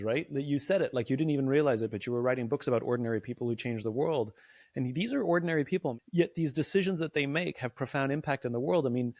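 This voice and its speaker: A man's voice: medium pitch, dry recording. A man hosts an interview in a reflective tone, with short affirmations. His voice is recorded dry and close, with no room sound. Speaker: podcast host. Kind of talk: interview conversation.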